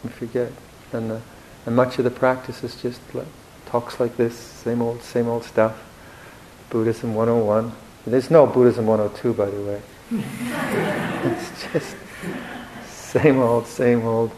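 A man giving a Buddhist dharma talk in a reflective, gently humorous way, with hesitant restarts. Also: mid-range voice, little pitch movement, measured pace, noisy background. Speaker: Buddhist monk teacher.

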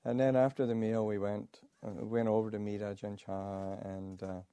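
A Buddhist monk, a man, telling a teaching story in a halting way, full of fillers and restarts, with soft chuckles. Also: fairly low pitch, flat delivery, clear, resonant tone, no room sound. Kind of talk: storytelling dharma talk.

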